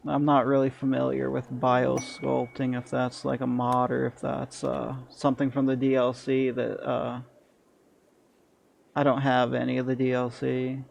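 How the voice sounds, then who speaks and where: A man's voice: medium pitch, monotone, a little slow, vocal fry, darkish tone, slight background noise. A man streaming a strategy game, muttering through his plans and chatting bluntly to viewers with crude humor. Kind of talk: casual gameplay commentary.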